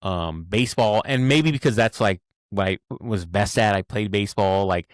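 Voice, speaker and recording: A man in his forties telling stories in a casual podcast chat, animated and saying "bro" often. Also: fairly low pitch, normal speed, no echo, clean studio sound. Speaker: podcast host.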